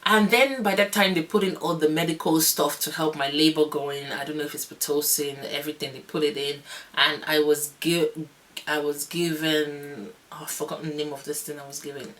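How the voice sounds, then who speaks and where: A young woman vlogger telling a long story in a casual, animated, rambling way, often laughing. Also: deep voice, a little fast. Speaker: vlogger, new mother.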